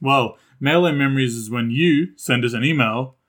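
A man's voice: medium pitch, moderate pace, fairly bright tone. A man co-hosting a casual podcast, rambling hesitantly between many fillers. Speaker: podcast co-host.

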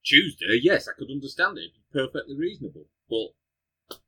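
A man co-hosts a casual podcast and drops wry, mock-old-fashioned phrases into the banter. His voice is bright and forceful with a raspy edge. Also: medium pitch, sing-song, a little fast, low-quality recording. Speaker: podcast co-host.

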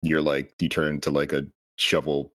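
A man's voice: a bass voice, completely flat delivery, moderate pace, a bit bright, no room sound, clean studio sound. A man in a casual game review discussion, musing in a laid-back, wry way.

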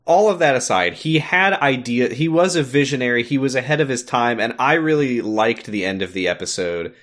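A man co-hosting a podcast, recapping a show in an earnest, relaxed way. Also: mid-range voice, brisk. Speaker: podcast co-host. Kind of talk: casual chat recapping an episode.

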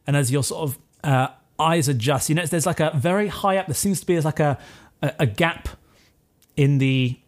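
A man's voice: fairly high pitch, moderate pace. Man narrating a tabletop game. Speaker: game master.

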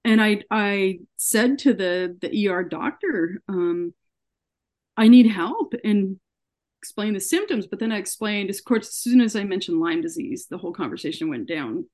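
A woman's voice: medium pitch, expressive, normal speed. A woman guest in a podcast interview, telling her own story earnestly and often repeating words as she goes. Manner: earnest, often acts out dialogue in her retelling; repeats words and restarts when upset. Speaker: guest, researcher.

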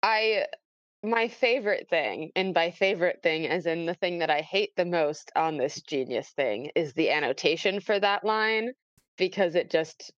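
Woman podcast co-host, lowish voice, wry asides, dry dull lo-fi mic. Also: measured pace, no room sound. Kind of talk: casual chat.

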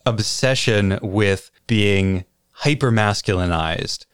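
A man co-hosting a podcast, giving a measured, analytical discussion. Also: on the low side, clear, resonant tone, no echo, studio quality. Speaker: podcast co-host.

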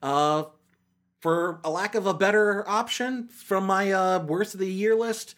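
A man's voice: high-pitched, unhurried, fairly bright tone. A man hosting a casual comedic movie-review monologue, sarcastic and rambling with lots of fillers and restarts. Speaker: podcast host.

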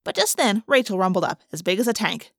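A woman's voice: medium pitch, animated, fast, vocal fry, no echo, studio quality. A woman narrating a children's adventure book in the first person, reading with dramatic expression. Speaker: audiobook narrator.

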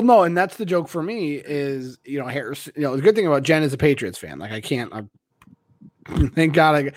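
A man's voice: mid-range voice, no room sound. A man hosting a casual podcast, rambling with many restarts and trailing off. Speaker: podcast host.

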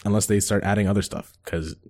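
Fast-talking laid-back young man. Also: fairly low pitch, steady tone, darkish tone. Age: young adult. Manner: fast, laid-back, joking, lots of fillers. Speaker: podcast co-host. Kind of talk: casual chat.

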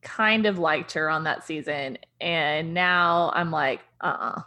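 A woman co-hosting a podcast, chatting casually with quick agreeing reactions. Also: sits low, sharp tone. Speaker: podcast co-host. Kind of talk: casual chat recapping reality TV.

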